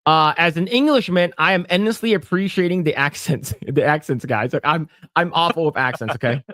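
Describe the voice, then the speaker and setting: Man co-host, slightly high voice, playful, stammers, dry close mic. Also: brisk, a bit bright, no echo. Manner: jokey, lots of stammered restarts, breaks into mock voices. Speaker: podcast co-host. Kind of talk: casual chat reading comments.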